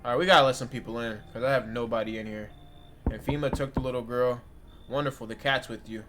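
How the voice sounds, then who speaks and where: A man's voice: medium pitch, steady tone, fast talker, noisy background. A young man talks through a horror game in a loose, slangy way. He banters with his viewers as he plays. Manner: casual slangy banter addressing chat. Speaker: gaming streamer. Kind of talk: casual let's-play commentary.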